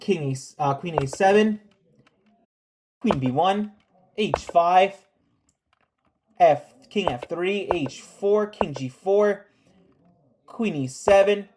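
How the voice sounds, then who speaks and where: A chess commentator recapping a game, calling out moves in quick lists and scolding the players with sarcastic rhetorical questions. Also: medium pitch, expressive, darkish tone. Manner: calls out moves in rapid lists.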